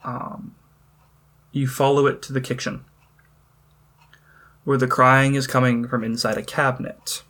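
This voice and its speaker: A man running a tabletop game as game master, narrating scenes in a measured, descriptive way. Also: medium pitch, little pitch movement, a bit bright. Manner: measured descriptive storytelling with occasional fillers.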